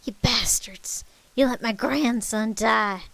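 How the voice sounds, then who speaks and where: A woman voicing a grieving elderly grandmother who yells accusations at the people she blames. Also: a little high, slow, gravelly, pitched above the performer's own voice, exaggerated voice. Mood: furious. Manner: yelling and accusing.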